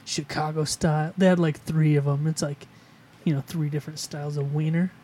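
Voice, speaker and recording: Profane storytelling man, husky voice. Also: fairly high pitch, little pitch movement, fairly quick, warm tone. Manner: profane, storytelling, does silly put-on voices. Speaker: podcast co-host. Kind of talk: casual chat.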